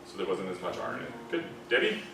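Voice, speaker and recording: A man's voice: deep voice, sing-song, fast talker, gravelly, a bit bright, soft background music. A man with an American accent teaching a diction class, demonstrating words and correcting students' pronunciation. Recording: echoey classroom, distant mic, background noise.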